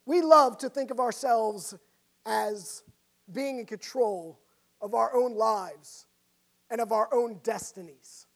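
Lady preacher, higher voice, big swings loud to soft. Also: slow. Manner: dramatic storytelling with a wide swing between loud and soft. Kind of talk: sermon.

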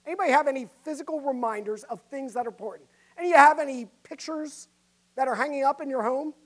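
Emphatic preacher questioning the congregation. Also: high voice. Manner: emphatic, asks the audience questions. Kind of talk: sermon.

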